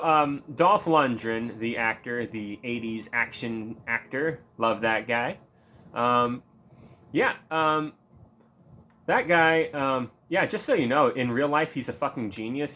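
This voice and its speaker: A man's voice: mid-range voice, fairly bright tone, slight background noise. A man casually commenting over gameplay, rambling and swearing and laughing at his own jokes. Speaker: gameplay streamer.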